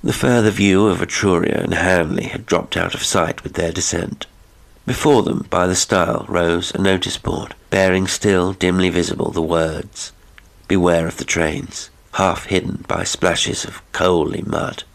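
Deep, gravelly male horror narrator. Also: fairly even intonation. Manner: measured, dramatic storytelling. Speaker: audiobook narrator. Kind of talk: scripted narration of a horror story.

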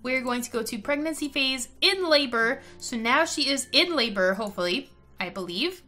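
A woman hosting a gaming video, giving chatty and excitable gameplay commentary with frequent giggles. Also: high voice, moderate pace.

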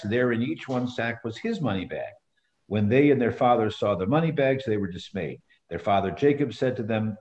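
A man's voice: medium pitch, darkish tone. Man reading scripture over a video call. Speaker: study group leader. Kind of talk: reading scripture aloud and leading a discussion. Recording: roomy, dull lo-fi video call audio.

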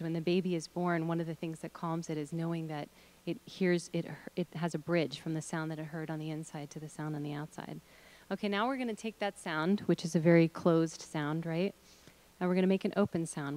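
A woman's voice: fairly low pitch, fairly even intonation, fairly quick, a little mellow. A middle-aged woman leading an audience through voice exercises, encouraging them and demonstrating with hums, chants and sung notes. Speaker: workshop leader.

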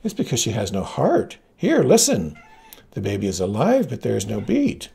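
A man voicing a sweet but grave village midwife, speaking softly in a gravelly voice. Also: fairly low pitch, huge pitch swings, moderate pace, noisy background, exaggerated voice.

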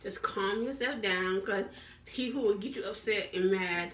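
A woman's voice: medium pitch, measured pace, a bit bright, far from the mic. A woman vlogger giving a repetitive, preachy motivational talk to her viewers. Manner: repetitive, preachy, encouraging, restarts often.

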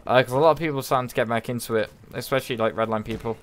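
A man's voice: medium pitch, rapid-fire, a little hiss or hum. A man streaming a game, chatting playfully with friends and his chat, humming along. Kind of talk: casual gaming livestream chat.

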